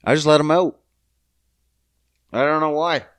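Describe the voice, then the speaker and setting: A man in his thirties hosting a podcast, ranting casually and cursing as he swings between loud outbursts and low mutters. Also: measured pace, no echo. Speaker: podcast host.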